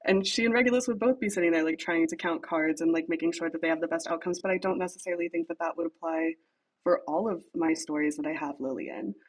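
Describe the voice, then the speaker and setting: A young woman who writes fanfic guests on a podcast, chatting casually and animatedly about her writing while laughing often and acting out lines. Her voice is husky and on the low side, quick-paced, and the recording quality is low.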